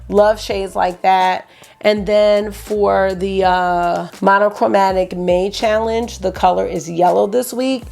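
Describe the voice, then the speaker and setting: A woman vlogger chatting excitedly through a makeup swatch review, rambling with lots of asides. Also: medium pitch. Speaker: beauty vlogger.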